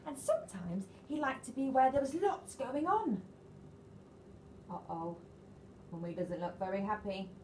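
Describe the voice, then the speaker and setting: A woman, a nursery teacher reading a picture book to young children in an animated, sing-song way and asking them questions. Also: mid-range voice, measured pace, long pauses, slight background noise. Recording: echoey room, faint ambience.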